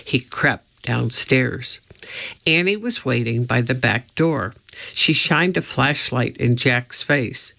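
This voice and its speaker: A man reading a children's book aloud in a slow, measured storytelling manner. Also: medium pitch, lively intonation, gravelly, pushed and bright, highs cut off. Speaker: narrator.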